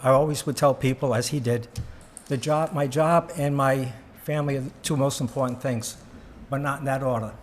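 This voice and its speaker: A former board member giving heartfelt public comment at a town meeting, earnest and plain with frequent fillers. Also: male voice, mid-range voice, fairly even intonation, normal speed, hardly any pauses, faint music behind.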